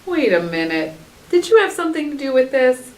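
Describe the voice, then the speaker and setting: A woman reading aloud puts on an excitable mother hyena who fusses and exclaims, her voice lifted well above normal. It echoes in a roomy space, heard from afar. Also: high voice, a little fast, recorded from a distance, pitched above the performer's own voice. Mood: fond.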